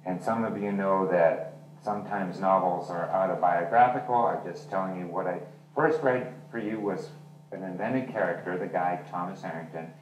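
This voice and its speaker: A man's voice: deep voice, steady tone, moderate pace, dull audio. A male author and journalist chatting candidly about his novel, acting out the dialogue as he tells the story. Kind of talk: casual talk about his novel at a reading. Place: literary venue hall. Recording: roomy hall from far off, faint noise.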